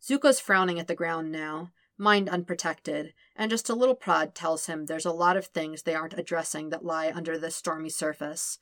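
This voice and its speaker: A woman with a low voice reads fan fiction aloud in an even, measured way. She slows and softens on tender moments. The recording is dry and close, with no room sound. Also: no room sound. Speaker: podfic reader. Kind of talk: scripted narration of fan fiction.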